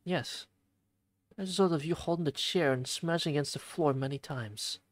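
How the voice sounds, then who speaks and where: A streamer reading a visual novel aloud and voicing a soft-spoken, polite young female maid, with quiet, formal and deferential speech. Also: mid-range voice, normal speed, close to an everyday voice. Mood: concerned.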